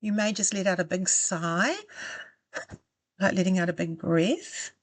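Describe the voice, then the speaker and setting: A woman coaching self-love, giving calm, gentle and encouraging step-by-step guidance that slows down for the exercises. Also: fairly low pitch, no echo. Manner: calm, gentle and encouraging, slowing down for guided steps. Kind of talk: guided self-help instruction.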